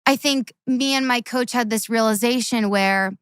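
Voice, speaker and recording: A woman's voice: fairly high pitch, moderate pace, clear, resonant tone, no room sound. Earnest woman telling stories. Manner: earnest, tumbling storytelling with repeated phrases. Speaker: guest, former Olympic gymnast. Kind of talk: casual chat.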